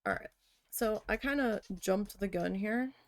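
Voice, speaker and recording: Needle felting as she talks, a crafting vlogger swaps blunt stories full of swearing in a casual chat. Her voice is mid-range and her pace measured, with no echo in the recording.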